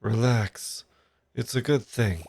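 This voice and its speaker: A man's voice: mid-range voice, takes it slowly, gravelly, darkish tone, slight background noise. A man voicing a smug, offhand mobster-style dealer who lives at the dump in a video game. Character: shady, laid-back dealer from the dump.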